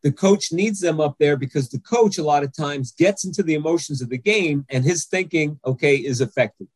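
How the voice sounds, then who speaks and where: A man's voice: fairly high pitch, moderate pace, no room sound. A man, an anger management coach, explaining his method step by step on a podcast and checking in with "okay?" again and again.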